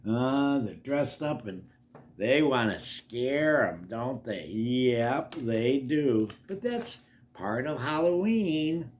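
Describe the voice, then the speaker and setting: A man's voice: medium pitch, expressive, slow pace, darkish tone, slight background noise. An older man reading a storybook aloud to children, with chatty, coaxing asides to the kids. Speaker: storybook reader.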